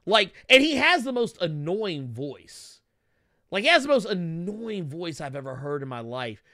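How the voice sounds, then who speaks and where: A man co-hosting a podcast, riffing in profane, animated casual commentary. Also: high-pitched, a little slow, dry recording, studio quality. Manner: animated, swearing, laughing, mocking voices. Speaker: podcast co-host.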